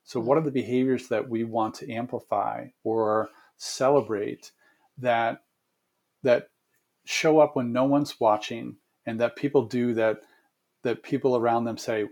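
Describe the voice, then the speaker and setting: A man giving long, measured answers as a guest consultant in an interview, with frequent fillers and restarts. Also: medium pitch, steady tone, a little mellow.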